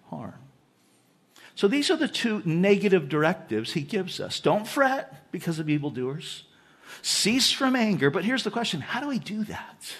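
This pastor's pitch is high, and he keeps his sermon lively and conversational. Along the way he makes asides to the people in the pews.

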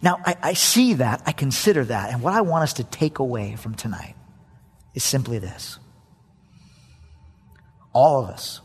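A man preaching a sermon as a pastor, animated and acting out prayers with frequent chuckles. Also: medium pitch, breathy edge, long reverb tail.

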